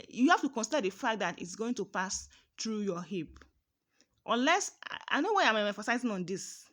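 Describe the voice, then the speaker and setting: A woman's voice: mid-range voice, fairly bright tone. A woman, maybe, teaching a step-by-step sewing tutorial, often repeating herself and checking that listeners understand.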